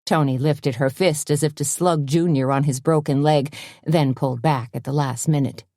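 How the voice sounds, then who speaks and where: Woman audiobook narrator, steady storyteller, mellow tone, dry close sound. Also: low voice, normal speed, no echo. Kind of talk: scripted narration.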